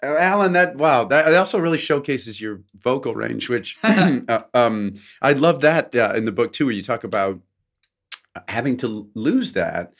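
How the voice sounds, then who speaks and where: A man's voice: mid-range voice, animated, moderate pace. A man interviewing a guest, asking eager, wordy questions full of fillers. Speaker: interviewer host. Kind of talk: interview conversation.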